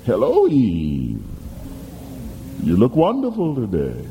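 Man doing a sly devil-serpent voice, low, slow, honeyed, coaxing, dark mellow tone, long hall reverb. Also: huge pitch swings, slight background noise, full character voice.

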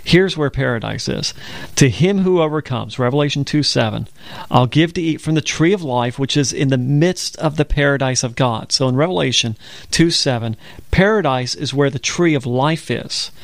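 Man, gravelly co-host of a Bible show, patient storyteller, dry studio sound. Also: mid-range voice, moderate pace, dry recording. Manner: storytelling, explains scripture step by step. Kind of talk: conversational Bible teaching.

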